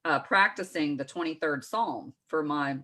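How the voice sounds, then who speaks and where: Deep-voiced and measured, this Texan co-host in her forties spins meandering stories on a laid-back morning show, correcting herself in asides as she goes. Her tone is fairly bright, and she comes from the Southern U.S.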